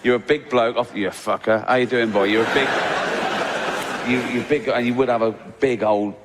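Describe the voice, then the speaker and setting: A man's voice: mid-range voice, fairly even intonation, moderate pace, in a large hall, lightly acted. A man voicing a rude, blokey male doctor in a stand-up impression. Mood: mock-hearty. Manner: mock-hearty, swearing. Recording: loud noise on a live stage recording.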